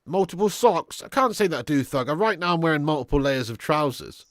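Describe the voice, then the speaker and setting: A man's voice: on the high side, expressive, fairly quick, fairly bright tone, no echo, clean studio sound. A man hosting a live football watch-along, talking in sweary, laddish banter and laughing often as he commentates and chats with viewers. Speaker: live stream host.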